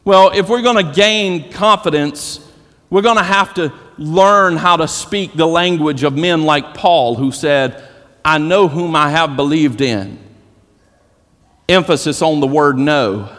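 A man preaching a sermon as pastor, building to shouted emphasis and repeating his phrases. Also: high-pitched, in a large hall. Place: church sanctuary.

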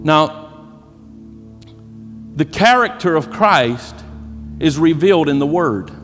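A man preaching a sermon as pastor, building to shouted emphasis and repeating his phrases. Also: a little high, lively intonation, slow, big-room sound, faint music behind. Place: church sanctuary.

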